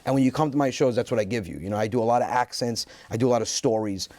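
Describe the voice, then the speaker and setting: A man, a comedian guest, telling lively stories in a casual interview and acting out what people said. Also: medium pitch, racing, dry recording. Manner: animated storyteller acting out quotes.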